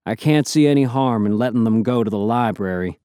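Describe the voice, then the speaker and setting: A man's voice: medium pitch, a little fast, warm tone, clean tone, no echo, pitched below the performer's own voice, natural voice. Brief: a man doing a wry male lookout with a mild Southern drawl, dryly in charge, dry close sound.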